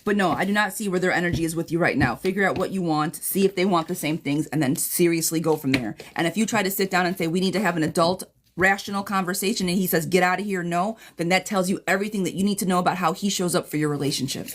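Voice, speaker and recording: A woman's voice: on the low side, fast talker, hardly any pauses, slight background noise. Chatty blunt woman tarot reader. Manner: chatty, blunt, calls viewers girl and friend. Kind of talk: live-stream reading replay.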